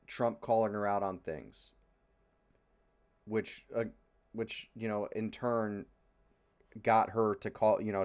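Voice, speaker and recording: A man's voice: on the low side, clean tone. A young man hosting a casual podcast, rambling and frustrated, with many fillers and free swearing. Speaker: podcast host. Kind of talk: casual opinionated chat.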